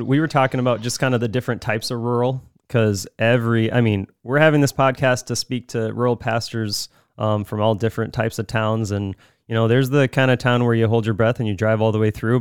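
A man from Minnesota hosting a podcast for rural pastors, chatty and quick to laugh. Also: mid-range voice, clear, resonant tone, no echo, clean studio sound. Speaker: podcast host. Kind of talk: casual podcast chat.

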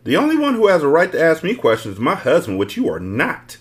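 A furious young woman from an audiobook-style reading snaps and swears at the man in her doorway, as a male reader puts her on. Her voice sits higher than his own and jumps about with every jab. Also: huge pitch swings, fast talker. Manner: angry, profane, snapping. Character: fiery young woman telling off an ex.

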